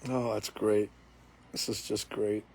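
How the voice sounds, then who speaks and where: A man's voice: on the low side, level tone, takes it slowly, creaky, a little mellow, husky. A middle-aged man hosting a casual live chat from a porch, reading viewer comments and laughing often in an amused, talkative way. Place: porch, outdoors.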